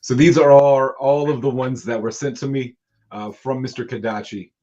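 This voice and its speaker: A man's voice: mid-range voice, fairly even intonation, normal speed, dark tone, dull audio. A man co-hosting a casual livestream, laid-back and laughing often. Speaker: livestream co-host. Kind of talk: casual chat.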